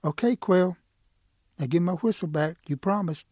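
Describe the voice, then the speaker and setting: A man telling a folk tale brings to life a trusting old turtle with a raised, husky, dark voice. He pleads and frets in a worried way. The sound is close and dry. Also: sits high, normal speed, no room sound, voice pushed up. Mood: pleading. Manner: pleading, fretful. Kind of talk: oral folk storytelling.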